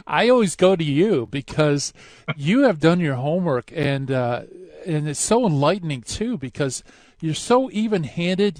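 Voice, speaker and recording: A man's voice: on the high side, no room sound. A man hosting a call-in radio show, chatty and hesitant with many fillers. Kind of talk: casual call-in radio interview.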